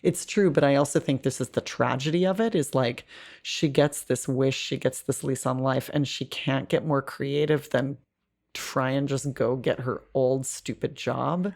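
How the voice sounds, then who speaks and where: A woman's voice: rumbling low, fairly even intonation, measured pace, gravelly, darkish tone. A woman guest on a podcast, talking through a film in an articulate, analytical way with frequent restarts. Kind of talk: casual film discussion.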